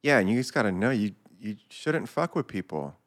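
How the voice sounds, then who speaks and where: Relaxed, low-voiced male podcast host. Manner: relaxed, agreeable, quick reactions and laughs. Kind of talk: casual conversation.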